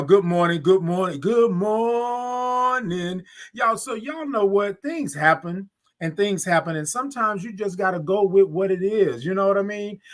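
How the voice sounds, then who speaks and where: A man's voice: fairly high pitch, a bit bright. A man with a Southern US accent hosting a casual live stream, cheerfully greeting viewers by name and stretching out his good mornings. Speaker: live show host.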